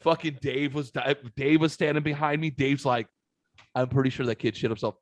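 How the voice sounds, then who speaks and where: A middle-aged man tells rowdy stories on a podcast, cursing freely and calling everyone dude. His voice sits at an ordinary pitch, recorded close and dry with no room sound. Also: brisk, dry recording. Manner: profane, animated storyteller saying dude a lot. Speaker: podcast host. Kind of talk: casual storytelling chat.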